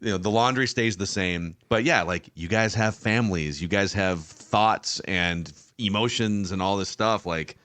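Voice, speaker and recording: A male podcast host reads out listener questions and chimes in with reflective remarks. His voice is fairly low and recorded dry, with no room echo. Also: measured pace, few pauses, a bit bright. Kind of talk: casual chat.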